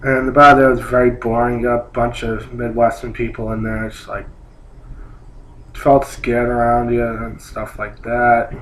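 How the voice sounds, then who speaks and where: A man's voice: medium pitch, completely flat delivery, measured pace, a bit bright. Man ranting in an echoey room. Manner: annoyed, complaining, swears, rambling with many likes. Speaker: vlogger. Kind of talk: casual ranting story. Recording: roomy echo, faint hum.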